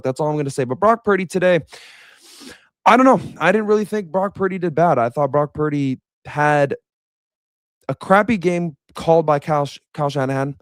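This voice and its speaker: A young man giving a blunt, animated reaction rant as a fan commentator. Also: on the high side, dry recording, clean studio sound. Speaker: sports commentator.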